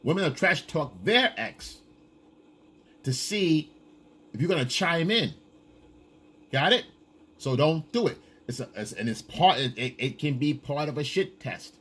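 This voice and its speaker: Husky guy lecturing on dating, blunt and swears a lot, kinda high voice. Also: animated, unhurried, pauses often, fairly bright tone. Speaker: dating coach. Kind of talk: casual coaching monologue.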